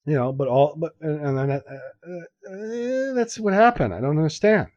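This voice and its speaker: A podcast co-host tells an animated anecdote in casual chat, acting out both sides of the dialogue and laughing a lot. His voice is fairly high-pitched at normal speed, with a dry, close sound, no echo, and the highs cut off.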